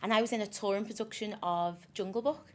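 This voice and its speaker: A woman's voice: medium pitch, fast, darkish tone. A woman, a radio co-presenter, chatting and laughing as she tells stories.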